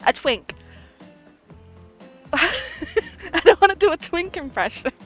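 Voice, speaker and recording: A woman's voice: extremely high pitch, lively intonation, takes it slowly, fairly bright tone. A woman streaming a game live, chatting playfully with viewers, giggling often, and reading the game's text aloud. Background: faint game music.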